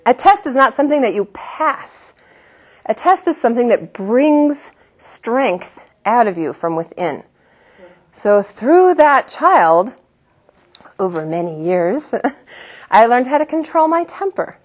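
Lively middle-aged woman teaching, muffled. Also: fairly high pitch, slow pace, long pauses. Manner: animated storyteller, laughs often. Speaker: religious teacher. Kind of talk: religious talk with personal stories. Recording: slightly muffled recording.

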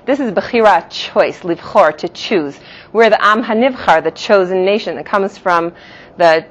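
Woman teaching a class, dull lo-fi recording. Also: lowish voice. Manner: explanatory, repeats terms in two pronunciations, laughs lightly. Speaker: teacher of a Jewish philosophy class. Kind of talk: classroom lecture.

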